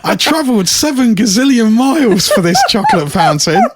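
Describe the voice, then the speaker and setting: A man's voice: very high-pitched, very animated, fairly quick, heavy background noise. A man co-hosting a podcast in casual chat, telling stories in a jokey, playful way. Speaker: podcast co-host.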